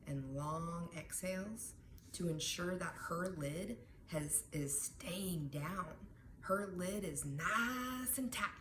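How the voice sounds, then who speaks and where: Low-voiced woman teaching calming techniques. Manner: warm, conversational, often asks "right?". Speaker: wellness educator. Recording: echoey room with background noise.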